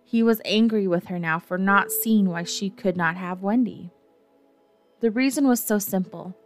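A woman narrating a storybook gently, with a dry, wry edge. She has a middle pitch, and faint music sits behind her voice. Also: steady tone, normal speed. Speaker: audiobook narrator.

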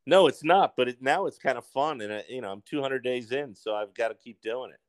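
American man from Maryland, podcast guest, relaxed chatty delivery, smooth resonant voice, dry close sound. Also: mid-range voice, brisk, no room sound. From Maryland, USA. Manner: easygoing, trails off searching for words. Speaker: guest actor. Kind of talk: casual podcast chat.

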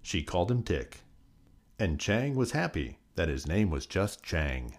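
Expressive man reading a children's story. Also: deep voice, measured pace. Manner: sing-song, expressive.

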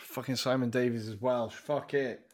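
A man's voice: mid-range voice, fairly even intonation, moderate pace. A young man co-hosting a casual football podcast, chatty, swearing freely when he gets stuck. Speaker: podcast co-host.

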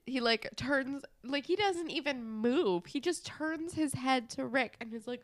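A young woman co-hosting a casual podcast, animated and sweary as she reacts to a TV episode. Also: high-pitched, a little slow. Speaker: podcast co-host. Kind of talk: casual recap chat.

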